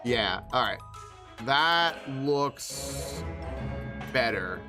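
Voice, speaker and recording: A man's voice: mid-range voice, lively intonation, extremely slow. A man streaming a video game, chatting casually and thinking aloud with lots of fillers. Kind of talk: casual live-stream commentary. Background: game music.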